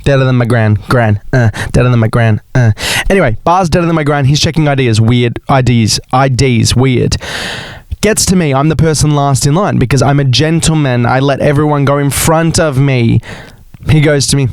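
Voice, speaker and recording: A young man, hosting a podcast and telling a story in a chatty, dramatic way, sometimes jumping into high sing-song exclamations. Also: normal speed, a little mellow, clean tone, no room sound. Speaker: podcast host. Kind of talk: casual storytelling monologue.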